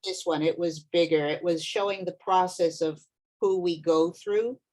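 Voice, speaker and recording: A woman's voice: fairly low pitch, steady tone, normal speed, a crowd in the background. A webinar attendee on a video call who asks her question politely and a little hesitantly.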